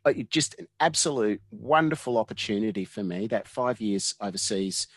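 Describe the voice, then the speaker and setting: His voice is husky and on the low side, delivered at a normal speed in a dry recording. He's an Australian man in his fifties, a guest telling animated work stories in a casual interview, often laughing and acting out others' dialogue.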